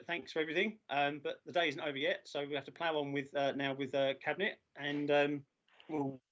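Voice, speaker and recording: A man chairing a formal council meeting over a video call, halting with many filler sounds and losing his voice. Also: mid-range voice, fairly bright tone. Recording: dull lo-fi video call audio.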